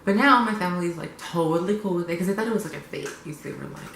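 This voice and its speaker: A young man vlogging casually and bluntly, sarcastic and quick to swear. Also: high voice, creaky, a bit bright, reverberant, slight background noise, rough recording. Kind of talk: confessional casual vlog.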